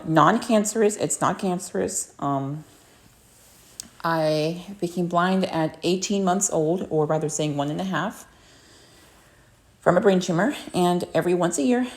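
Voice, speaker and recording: A woman's voice: fairly low pitch, darkish tone. A woman livestreaming from home in casual chat, rambling with many ums and restarts.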